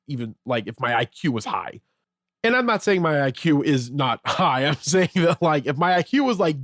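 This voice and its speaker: A man's voice: fairly high pitch, no echo, studio quality. A man hosting his own podcast, talking casually in a rambling way with many fillers and restarts. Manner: rambling, filler-heavy, self-correcting. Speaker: podcast host. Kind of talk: casual solo podcast talk.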